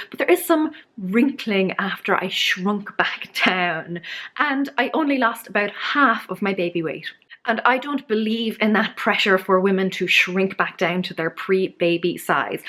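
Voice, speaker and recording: A woman in her thirties talking to camera in a candid, self-deprecating vlog, with animated asides. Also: mid-range voice. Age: 30s. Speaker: lifestyle vlogger.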